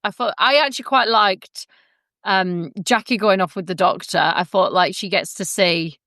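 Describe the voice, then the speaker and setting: A woman co-hosting a podcast, chatting casually with quick reactions and some teasing. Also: medium pitch, fairly bright tone, no echo, studio quality. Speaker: podcast co-host. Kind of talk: casual chat.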